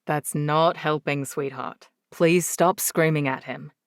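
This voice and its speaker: A woman reading the part of a patient single father in an audiobook, speaking calmly and soothingly but firmly. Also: sits low, slow pace, dry recording, studio quality, pitched below the performer's own voice. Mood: gently firm. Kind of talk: audiobook character voice.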